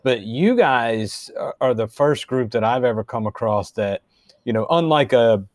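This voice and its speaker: A man's voice: medium pitch, expressive, measured pace, darkish tone, no echo. A man hosting an interview, asking long, thoughtful questions. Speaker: host, interviewer. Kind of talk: casual interview.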